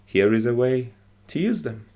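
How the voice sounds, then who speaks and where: A man teaching English as he explains phrases from film clips, talking in a hesitant, halting way with many fillers and restarts. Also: medium pitch, lively intonation, creaky.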